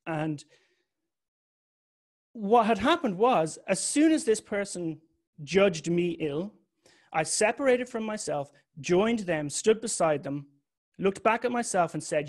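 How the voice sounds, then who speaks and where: Young man, a touch high-pitched, frank confessional talk, swears freely. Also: expressive, slow, long pauses. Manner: candid and confessional, swears casually. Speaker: speaker giving a talk. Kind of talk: personal talk to an audience.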